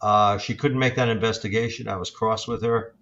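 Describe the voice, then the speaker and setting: A man in his sixties, a paranormal investigator, telling his experiences in a halting, reflective way with many fillers and restarts. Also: on the low side, steady tone, fairly bright tone, muffled recording. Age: 60s. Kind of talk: storytelling in an interview.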